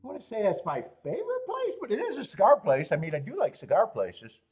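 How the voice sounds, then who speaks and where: A man's voice: high voice, huge pitch swings, fast, a little mellow, slightly rough, highs cut off. A man hosting a live horse racing stream, rambling and joking while greeting viewers in chat.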